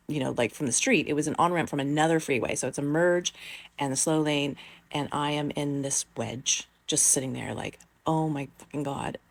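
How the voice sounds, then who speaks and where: A woman's voice: low voice, no echo. A middle-aged woman telling a personal story in a rambling, casual way, with many fillers and the odd swear word.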